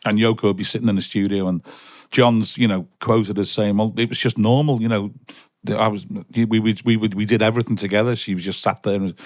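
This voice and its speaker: A man's voice: on the low side, fairly even intonation, fairly quick, no echo, clean studio sound. A man hosting a podcast interview, asking long questions full of restarts. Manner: rambling questions with many restarts. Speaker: podcast host.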